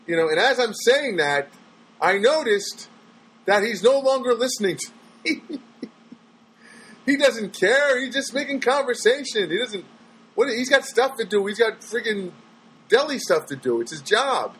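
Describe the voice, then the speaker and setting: A man's voice: very high voice, expressive, unhurried, long pauses, fairly bright tone, a little hiss or hum, poor audio. A man talking casually on his own as a stand-up comedian, rambling and chatty, often trailing off and restarting his sentences. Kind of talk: casual solo monologue.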